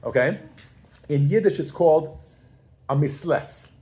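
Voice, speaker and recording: A pregnant woman teaching Yiddish to a class, animated and casual, quizzing her students with frequent questions. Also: sits low, measured pace. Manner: casual, with fillers and restarts. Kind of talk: classroom language lesson.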